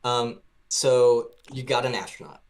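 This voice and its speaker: A man's voice: medium pitch, measured pace. A man talking as a podcast guest about designing a game, loose and chatty, with lots of "like". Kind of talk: casual podcast chat.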